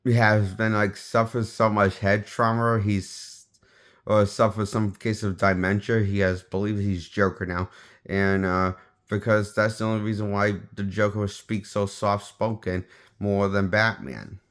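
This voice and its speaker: A man with a fairly low voice talks through a film review in a loose, unscripted way. He often breaks off and restarts his sentences as he goes. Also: flat delivery, measured pace, fairly bright tone. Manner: rambling, restarts sentences, offhand opinions. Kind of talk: casual spoken movie review.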